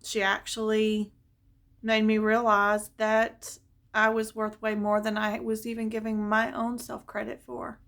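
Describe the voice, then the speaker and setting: A woman telling a personal family story in a casual vlog, conversational and expressive, turning wistful as she reflects. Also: a little high, measured pace, gravelly.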